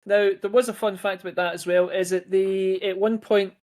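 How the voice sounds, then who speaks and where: A man's voice: high voice, flat delivery, normal speed, darkish tone. A man hosting a podcast over a video call, rambling casually through film trivia and swearing freely. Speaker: podcast host. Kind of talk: casual chat.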